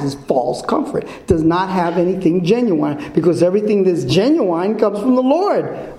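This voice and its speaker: A man preaching a sermon to a congregation in a church, repeating his points slowly and quizzing the listeners with fill-in questions. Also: high voice, mellow. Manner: slow, emphatic repetition. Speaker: pastor. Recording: echoey church room.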